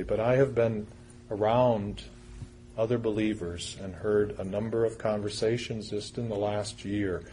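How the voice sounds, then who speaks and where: A man's voice: fairly low pitch, steady tone, unhurried, dark tone, slight background noise. A man preaching a sermon, reading scripture aloud and explaining it in an earnest, conversational way. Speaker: pastor.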